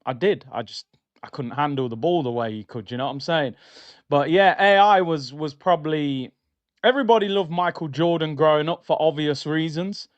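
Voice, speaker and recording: A man hosting a casual football talk stream, chatty and excitable, full of slang, talking straight to his viewers. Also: on the high side, moderate pace, no echo, highs cut off. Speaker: football channel host.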